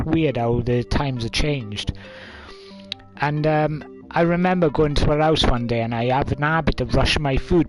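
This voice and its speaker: A man of twenty-five, telling a story casually to camera with lots of fillers. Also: mid-range voice. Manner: rambling, many fillers, coughs and laughs.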